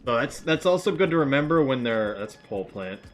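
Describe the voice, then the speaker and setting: A man giving casual live commentary while playing a game, chatty and quick to burst into excited laughter. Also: mid-range voice, faint music behind. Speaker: streamer.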